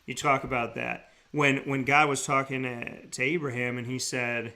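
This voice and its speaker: A man hosting a talk show segment, telling stories with excitement and sincere, earnest thanks. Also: mid-range voice, normal speed, few pauses. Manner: excitable, laughing storyteller, then quiet and earnest. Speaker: radio show host.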